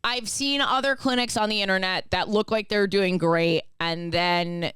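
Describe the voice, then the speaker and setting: Blunt woman with a smooth, dry voice. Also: mid-range voice, moderate pace, a bit bright, no echo. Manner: blunt and opinionated. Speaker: podcast co-host. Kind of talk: casual chat. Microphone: studio microphone close up.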